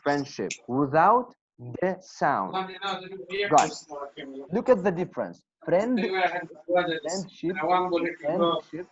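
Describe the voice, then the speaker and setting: A woman with a low voice leads an online English class, speaking slowly and with a lively, rising and falling tone. She repeats words patiently and praises her students. The video call audio sounds dull and lo-fi. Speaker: English teacher.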